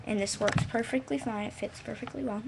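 Dogs can be heard around a woman vlogging a meandering computer tutorial from home, in a very noisy recording. Her fairly high voice is a little fast and rather even in intonation, and she keeps getting sidetracked, goofy and scattered, trailing off into playful sounds.

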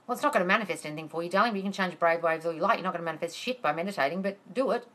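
A manifestation coach speaks very fast in a fairly low, fairly bright voice during a live stream. She answers viewers bluntly, curses freely, calls them darling and lets loose exasperated rants.

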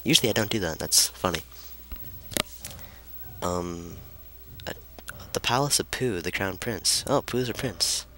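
A man with a low voice gives irreverent let's play commentary, swearing and cracking jokes as he plays. He keeps his voice somewhat hushed in a room at home, though its tone stays bright and forceful. Soft music plays underneath. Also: animated, measured pace, pauses often. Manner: irreverent, joking, swears freely. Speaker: gamer.

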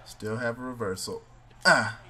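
A man commentating his own wrestling game run, swinging between yelling, cursing at opponents and mock ring-announcer boasts. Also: medium pitch, unhurried, a little hiss or hum. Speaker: gaming video host. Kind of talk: live gameplay commentary.

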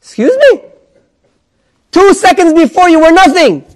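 A man voicing a humble poor man who suddenly becomes rich and haughty, hushed at times, loud and indignant at others. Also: very high-pitched, big pitch swings, unhurried, voice pushed up, exaggerated voice.

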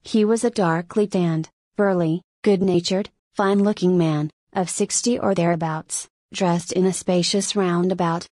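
Woman narrating an old novel, steady pace, lowish voice, dry no-echo sound. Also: measured pace, hardly any pauses. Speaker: audiobook reader. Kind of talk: reading a classic novel aloud.

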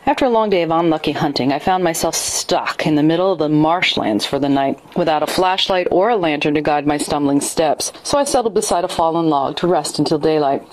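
A woman narrating a ghost story in the first person with a steady storytelling delivery. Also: deep voice, brisk, few pauses, slight background noise.

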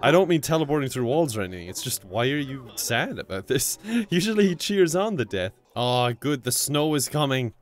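A man's voice: mid-range voice, big pitch swings, a little fast. Sarcastic Irish man narrating gameplay. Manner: playful, sarcastic, laughs often, bursts into yelps. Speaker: gaming YouTuber. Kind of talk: gameplay commentary.

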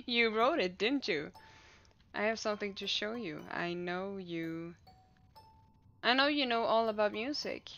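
A woman's voice: medium pitch, fairly bright tone, highs cut off. A woman streamer reading a dance-loving game character's lines in an enthusiastic, coaxing way. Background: faint game music.

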